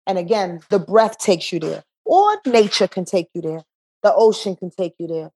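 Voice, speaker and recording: A woman's voice: medium pitch, big pitch swings, moderate pace, dark tone, husky. A woman as a podcast guest, talking casually and animatedly, acting out inner voices as she explains.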